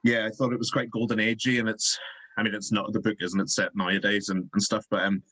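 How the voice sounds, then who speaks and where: A man's voice: on the low side, level tone, quick pace, sharp tone, no echo, rough recording. A man who is a guest author, chatting casually about books with many ums and hesitations. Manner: hesitant, lots of ums and likes. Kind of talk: casual chat.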